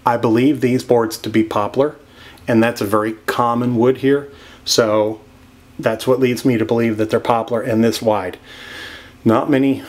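A man's voice: on the low side, a little hiss or hum. A man giving a casual, enthusiastic walking tour of a cabin by a creek, talking to the viewer as he goes. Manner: chatty, enthusiastic, drops into soft whispers indoors. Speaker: real estate vlogger touring a property. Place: outdoors by a creek and inside a log cabin.

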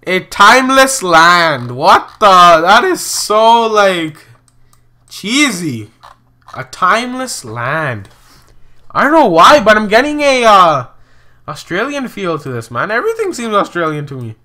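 A man's voice: high-pitched, sing-song, unhurried, sharp tone. A young man giving casual, chatty commentary on a geography guessing game, exclaiming and mocking himself as he goes. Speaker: gaming video host.

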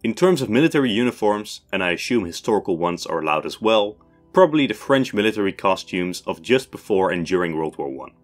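A man in his twenties with a Dutch accent, hosting a history channel and reading out viewer questions and his answers in a measured, scripted way. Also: fairly low pitch, sing-song, faint music behind. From Netherlands. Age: 20s. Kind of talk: scripted Q&A narration.

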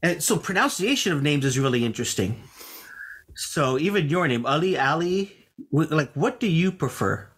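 A man interviewing a guest, asking curious, gentle questions in a casual conversation. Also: fairly high pitch, lively intonation, moderate pace, husky. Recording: voice slightly off-mic.

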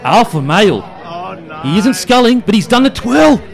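A man with an Australian accent doing parody sports commentary, getting excited and building up to shouts. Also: high voice, moderate pace, a faint crowd.

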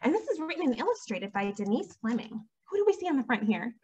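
High sing-song woman leading toddler storytime. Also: fast talker, breathy edge. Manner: animated, sing-song, talking to small children. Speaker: children's librarian. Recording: dull lo-fi sound.

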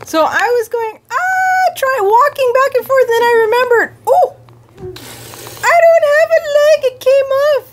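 Elmo, squeaky and giggly. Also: female voice, very animated, normal speed, few pauses, heavy background noise. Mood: silly distress. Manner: squeaky, giggly, dramatic wailing. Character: Elmo, cheerful little furry red monster. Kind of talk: playful home role-play with a puppet.

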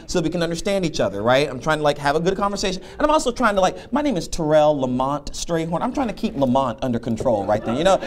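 A man's voice: fairly high pitch, fairly quick. A man and professor giving a motivational talk, telling a humorous story and acting out the dialogue. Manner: animated, humorous, acts out dialogue. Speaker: keynote speaker and professor.

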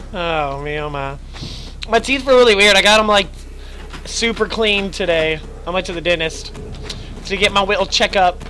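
A man doing casual let's play commentary, excitable, joking and swearing a lot. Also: high-pitched, moderate pace, slight background noise. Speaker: gamer.

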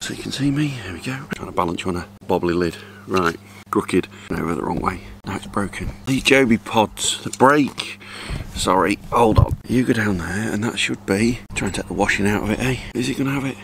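A man's voice: lowish voice, a little fast, gravelly, a bit bright, a little hiss or hum. A middle-aged man chatting casually to a handheld camera in his back garden, rambling as he does chores. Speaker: vlogger. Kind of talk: casual vlog chat. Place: outdoors in a back garden by a hot tub.

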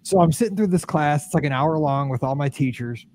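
A man hosting a podcast, telling a rambling, animated story in casual chat and laughing often. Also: on the high side, brisk, no room sound. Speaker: podcast host.

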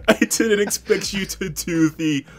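A man co-hosting a podcast, recapping a tabletop game in casual chat, amused and halting, often repeating words. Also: high-pitched, animated, faint music behind. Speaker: podcast co-host.

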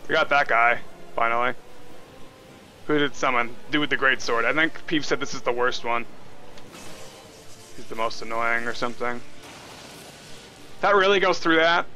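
A young man commentating a game he is playing, casual and excitable, with frustrated outbursts. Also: mid-range voice, moderate pace, pauses often, a little hiss or hum. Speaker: let's play host. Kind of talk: gameplay commentary.

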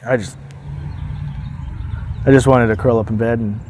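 A man speaking as an abuse survivor, giving a personal testimony in a halting, hesitant way with frequent pauses and restarts. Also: mid-range voice, steady tone, darkish tone, a little hiss or hum. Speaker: abuse survivor telling his story.

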